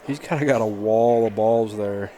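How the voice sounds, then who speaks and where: A man's voice: fairly low pitch, moderate pace, dark tone. A man giving casual, joking color commentary on a pool match and teasing his partner.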